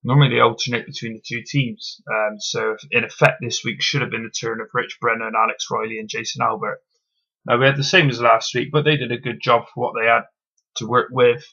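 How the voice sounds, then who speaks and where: A man talks through a wrestling show in a blunt, opinionated review, swearing freely and filling pauses with ums. His voice is bright and gravelly with some fry. The recording is dull and lo-fi. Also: mid-range voice, steady tone. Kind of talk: casual solo review.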